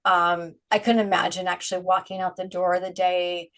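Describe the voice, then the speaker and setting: A woman's voice: fairly low pitch, flat delivery, moderate pace, a bit bright, low-quality recording. A middle-aged woman being interviewed, talking frankly and animatedly and laughing often. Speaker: guest, brand founder. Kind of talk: candid interview conversation.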